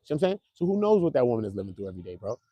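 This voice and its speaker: Casting: male commentary host, quick slangy delivery, dry close-mic sound, mid pitch. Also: breathy edge, no echo, muffled recording. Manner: animated, slangy, keeps calling viewers bro. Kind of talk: casual online commentary.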